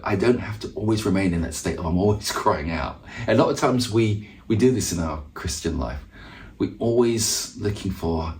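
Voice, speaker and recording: Low-voiced man musing on scripture. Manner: reads verses aloud, then muses on them with restarts. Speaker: musician teaching on the Psalms. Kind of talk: reflective devotional talk.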